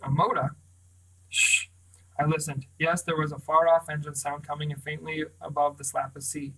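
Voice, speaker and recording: Man narrating a novel in a monotone. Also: on the high side, brisk, rough recording. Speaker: audiobook reader. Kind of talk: reading a novel aloud.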